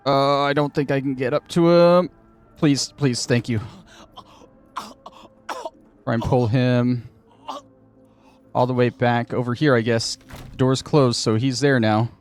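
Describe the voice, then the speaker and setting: A man hosting a gaming channel, thinking aloud and muttering to himself in casual commentary while he plays. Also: mid-range voice.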